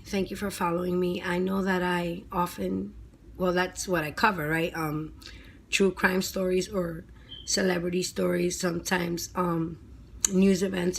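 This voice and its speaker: A woman with a slightly low voice recounts a personal experience to her viewers in a chatty, earnest way. She leans on "you know" and "right?", and she goes quiet and hushed at the grim parts. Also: a little hiss or hum. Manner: earnest, dramatic, drops to a hushed near-whisper at grim moments. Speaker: vlogger telling personal stories. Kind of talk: casual storytime monologue.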